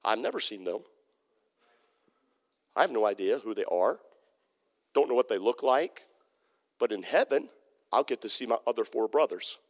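A man's voice: mid-range voice, very animated, moderate pace, long pauses. Emphatic male preacher in a reverberant hall. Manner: emphatic, repetitive preaching with frequent "Okay?" check-ins. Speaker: pastor. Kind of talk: sermon.

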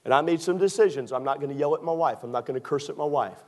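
This Maryland man preaches fast, his fairly high voice joking and conversational in a loose way. He builds to swelling emphasis whenever he drives a point home in his sermon as pastor.

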